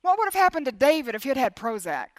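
A middle-aged woman with a high voice preaches a sermon with earnest conviction. She swings between emphatic declarations and hushed near-whispers and often repeats a phrase for emphasis. The sound is close and dry. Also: sing-song, quick pace, no echo.

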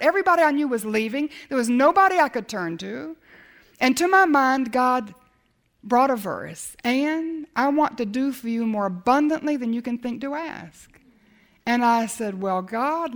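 A middle-aged woman preaching, telling a personal faith story with lively acted-out dialogue. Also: sits high, normal speed. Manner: animated storytelling, acts out dialogue. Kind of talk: sermon storytelling.

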